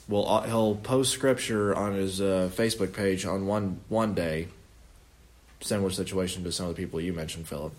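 A young man teaches a Bible study in a relaxed, conversational way. His voice sits on the low side, and he often stops to correct himself before pressing on earnestly. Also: normal speed.

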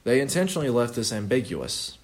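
A man's voice: medium pitch, very animated, brisk, a little hiss or hum. A young man leading an informal Bible study in a conversational, earnest way, often correcting himself mid-sentence.

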